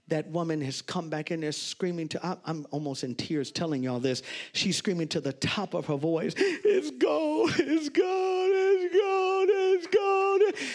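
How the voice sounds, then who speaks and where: A pastor preaching a sermon, telling a story with loud, animated exclamations. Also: male voice, sits high.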